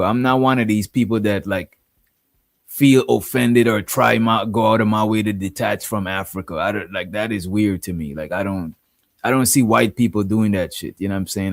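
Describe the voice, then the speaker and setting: A man's voice: fairly low pitch, no echo, studio quality. A man hosting a casual live stream, rambling and often adding "you know what I'm saying". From Guyana. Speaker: streamer host.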